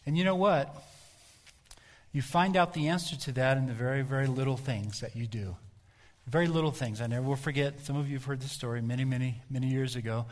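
A middle-aged man preaching a sermon in a mid-pitched voice. He talks in a relaxed, conversational way. He tells stories and asks his listeners direct questions. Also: a little fast. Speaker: pastor.

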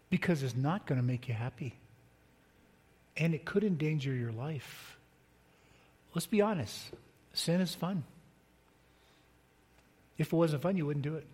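Middle-aged pastor preaching in a reverberant hall. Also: male voice, a little high, darkish tone, slightly rough. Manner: conversational, joking with the congregation. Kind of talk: sermon. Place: church sanctuary. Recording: long reverb of a church hall.

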